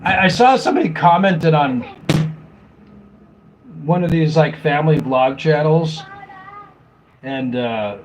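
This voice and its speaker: Middle-aged guy rambling on his live stream, fairly high voice, laughs a lot, faint room hum behind. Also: a little slow, long pauses, highs cut off. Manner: rambling, laughs often, mocks commenters in exaggerated voices. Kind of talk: casual live-stream chat.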